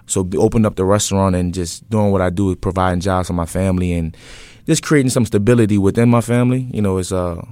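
A young man with a low voice speaks quickly on a recording with no echo. He's an event business owner appearing as an interview guest, telling his story in a relaxed, rambling way packed with fillers.

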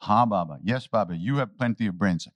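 A man's voice: fairly low pitch, a little fast, no room sound, lightly acted. A man doing a meek, agreeable disciple. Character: humble, agreeable male disciple.

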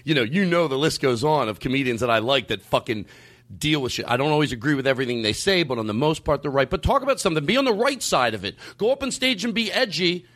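A man hosting a podcast in casual chat, talking in a rambling, animated way with some swearing. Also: a little high, fast. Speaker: podcast host.

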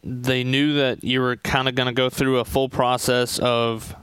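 A man's voice: mid-range voice, flat delivery, a little slow, a bit bright, smooth, no room sound. A man co-hosting a sports podcast, chatting casually and conversationally about a game.

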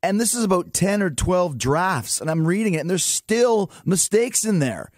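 Animated Canadian man in a dry studio. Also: high-pitched, moderate pace, no room sound. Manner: animated storyteller, laughs often, acts out quotes. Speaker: guest. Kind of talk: casual radio studio chat. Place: radio studio. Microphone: studio mic.

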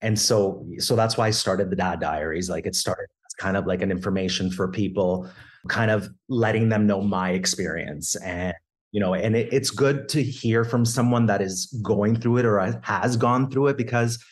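A man in his thirties from Canada, talking through his story in a low, easygoing voice. He stumbles and restarts often. He bursts into animated quotes of his family. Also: normal speed. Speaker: podcast guest. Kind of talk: conversational storytelling.

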